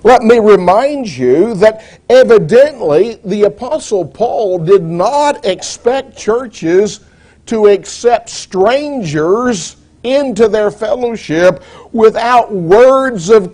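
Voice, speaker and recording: A man preaching a sermon in a measured, deliberate way, posing rhetorical questions to the congregation. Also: sits high, expressive, darkish tone.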